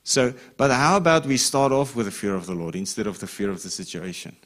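A man's voice: fairly low pitch, steady tone, a little fast, a bit bright. A man preaching a sermon in a conversational way, reading scripture aloud and often checking in with the listeners. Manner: reads scripture with rising emphasis. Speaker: pastor.

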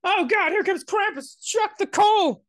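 A man's voice: extremely high pitch, expressive, takes it slowly, a bit bright, dry recording, studio quality, pitched above the performer's own voice, full character voice. A man voicing a frightened poor little child who cries out in frantic squeals. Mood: panicked.

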